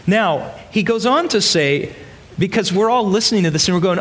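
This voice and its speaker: Animated preacher man in an echoing hall. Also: high voice, normal speed. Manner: emphatic, with rhetorical questions to the congregation. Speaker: pastor. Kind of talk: sermon. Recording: long reverb of a large hall.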